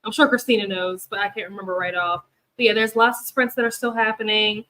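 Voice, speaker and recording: This young booktube host sounds tired as she chats with viewers during a reading-sprint livestream, rambling, laughing often and filling gaps with fillers. She speaks fast at medium pitch, with a bright, forceful tone and fairly even intonation. The recording quality is low.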